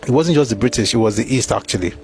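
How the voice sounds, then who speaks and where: A man with a Nigerian accent giving opinionated history commentary, animated and rhetorical, reading passages aloud. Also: mid-range voice, quick pace, soft background music.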